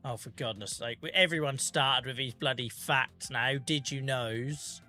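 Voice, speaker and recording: A man's voice: mid-range voice, unhurried, sharp tone, faint music behind. A British man chatting casually on a live gaming stream, joking, teasing his chat and swearing freely. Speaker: game streamer.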